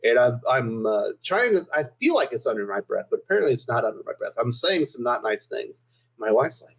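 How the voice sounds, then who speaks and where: A man's voice: mid-range voice, sing-song, brisk, gravelly, breathy edge, low-quality recording. A man co-hosting a podcast, telling an exasperated story in casual chat. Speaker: podcast co-host.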